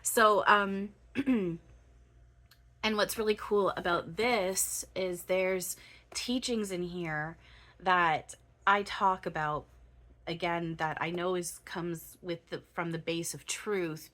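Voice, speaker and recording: A woman in her thirties speaking to her camera in a casual spiritual monologue. She has just woken up, her voice still waking, and she talks haltingly with many ums while searching for her words. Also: fairly low pitch, fairly even intonation, a bit bright. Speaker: spiritual channeler. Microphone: own camera.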